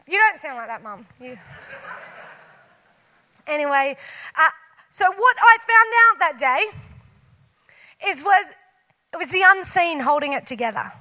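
A woman preaching a sermon, telling a personal story and acting out her own lines with lively voices. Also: extremely high pitch, slow pace, long pauses.

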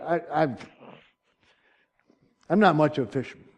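Man, pastor, sermon, earnest, fairly high voice. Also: lively intonation, unhurried. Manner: earnest preaching, swings from loud pleading to hushed and choked up.

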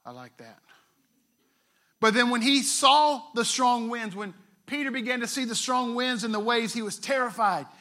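A man's voice: very high voice, lively intonation, moderate pace, pushed and bright. A male pastor, preaching a sermon in a conversational way, retelling scripture with playful asides.

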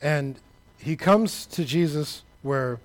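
A man preaching a sermon, talking straight to the congregation, building to shouted peaks and then dropping low and quiet. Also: takes it slowly. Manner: conversational, addresses the congregation directly.

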